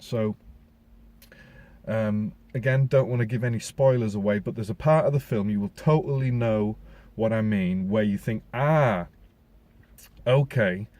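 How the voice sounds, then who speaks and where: A man's voice: lowish voice, warm tone. Ranting man reviewing a film. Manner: ranting, sarcastic, frequent restarts and ums. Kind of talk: casual solo review monologue.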